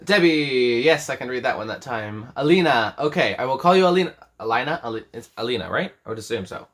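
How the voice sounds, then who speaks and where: A man's voice: medium pitch, lively intonation, fast, a bit bright. An eighteen-year-old man hosting a live craft stream from his bedroom, rambling, correcting himself and reading chat messages aloud. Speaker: crochet livestream host.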